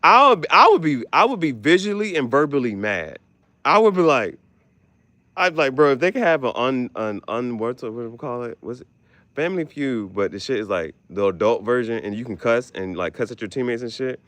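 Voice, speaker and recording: A man hosting a casual podcast chat, animated and profane, often jumping into squeaky exclamations. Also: brisk, dry recording. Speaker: podcast host.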